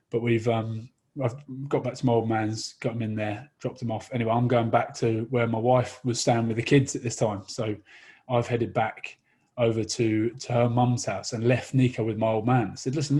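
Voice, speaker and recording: A husky-voiced Englishman in his thirties spins a rowdy anecdote with animated energy. His voice sits at an ordinary pitch with a rough, breathy edge, and he is quick to break into laughter. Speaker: guest, rugby player. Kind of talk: casual storytelling chat.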